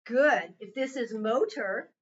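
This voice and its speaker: Woman teacher, one-on-one phonics tutoring, patient and drawn-out, slightly high voice, heard from across the room. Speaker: reading teacher. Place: school classroom. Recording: distant, dull lo-fi recording.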